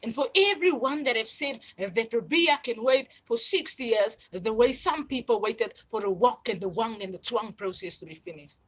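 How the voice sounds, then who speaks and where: A woman's voice: on the high side, expressive, moderate pace, few pauses, a bit bright, slightly rough, poor audio. A woman, hosting a livestream and talking in a rambling, repetitive, insistent monologue. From South Africa. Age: 40s. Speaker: channel host.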